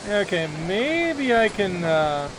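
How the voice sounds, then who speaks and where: Higher-voiced man musing through a game. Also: takes it slowly. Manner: musing and relaxed, reads his own dialogue choices aloud. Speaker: gamer playing a computer role-playing game. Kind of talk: casual let's-play commentary. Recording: noisy hiss behind voice.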